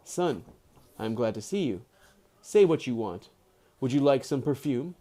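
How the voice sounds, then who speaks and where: A man reading aloud voices a plump, bearded saint who speaks in a gentle, measured way. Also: medium pitch, lively intonation, natural voice. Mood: calm. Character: plump bearded male saint, calm and kindly.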